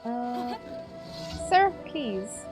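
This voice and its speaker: Casting: bubbly South African woman streamer, slightly high voice, slow and easy delivery, faint music behind. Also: sing-song. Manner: bubbly, giggly, greets chatters by name. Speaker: livestreamer. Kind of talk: casual chat with stream viewers.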